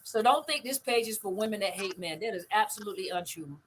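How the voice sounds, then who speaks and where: A woman's voice: mid-range voice, expressive, fast, slight background noise, rough recording. A middle-aged woman hosting a casual live stream, talking emphatically, repeating her points and often asking if you see what she means. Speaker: host of a live stream on narcissistic abuse recovery. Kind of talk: casual live stream talk answering comments.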